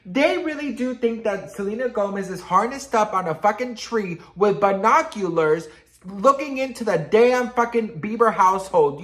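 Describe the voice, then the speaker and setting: Sassy, animated gossip vlogger man. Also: high voice. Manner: sassy, animated, swears and calls viewers girl and bitch. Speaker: pop culture gossip vlogger. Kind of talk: chatty gossip vlog.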